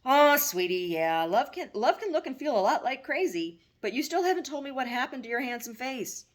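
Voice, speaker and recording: A woman's voice: high-pitched, big pitch swings, brisk, voice pushed up. A woman voicing a middle-aged mother who frets and scolds in a fussy, motherly way. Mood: worried.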